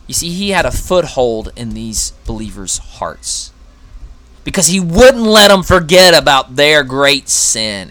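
A male preacher delivering a sermon in an earnest, conversational style. His pitch rises and falls a great deal as he poses rhetorical questions and acts out quotes. His voice is bright and forward. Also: big pitch swings, measured pace.

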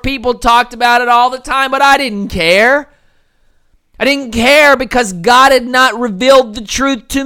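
A young male preacher in full sermon mode, his pitch roaming widely from emphatic high peaks down to low, hushed lines. He draws key words out slowly to land them. The recording is close and dry, with no room sound. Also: clear, resonant tone, dry recording. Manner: swings from loud emphatic peaks to low quiet passages.

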